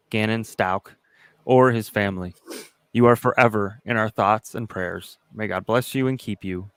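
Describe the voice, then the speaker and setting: A man's voice: on the low side, creaky, no echo. A man co-hosting a casual live recap show, reading aloud and joking in playful asides. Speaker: co-host of a trial recap show. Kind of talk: casual live-stream chat.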